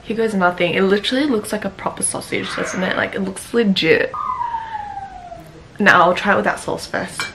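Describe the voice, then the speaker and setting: Chatty young aussie woman vlogging at home, giggly, says like a lot, mid pitch, soft hiss behind. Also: steady tone, normal speed, creaky. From Australia. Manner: chatty and giggly, peppered with "like" and "literally". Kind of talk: casual vlog chat.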